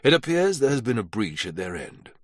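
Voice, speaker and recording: A man doing a gravelly, domineering spy chief. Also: mid-range voice, big pitch swings, brisk, no room sound, clean studio sound. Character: senior heavyset male intelligence director, domineering.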